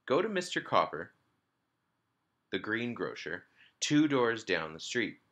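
A man's voice: fairly low pitch, very animated, measured pace, fairly bright tone. A man doing a patient storybook father. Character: patient father giving in to his son.

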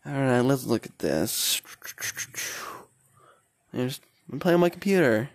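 A young man giving playful, excitable commentary while playing a VR game, often shouting and exclaiming. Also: mid-range voice, slow pace, no echo. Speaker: gaming YouTuber.

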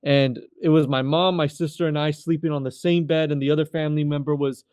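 A man's voice: fairly high pitch, steady tone, darkish tone, smooth, no room sound, studio quality. Earnest man telling his testimony. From California. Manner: earnest, halting, repeats words as he restarts. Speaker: guest sharing his testimony. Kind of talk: personal testimony storytelling.

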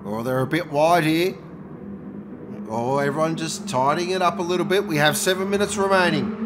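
A man commentating a sim race, joking and bursting out loud at each incident. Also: on the high side, moderate pace. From Australia. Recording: noisy with engine sound behind.

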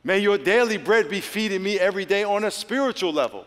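A man preaches a sermon in a large church hall, and his slightly high voice rings out with a long reverb. He moves between bursts of loud, lively exhortation and quiet, hushed prayer. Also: quick pace. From United States. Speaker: pastor.

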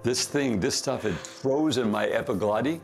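A man's voice: mid-range voice, moderate pace, gravelly, faint music behind. A man, a company founder, telling a rambling story in a casual interview, correcting himself often and laughing.

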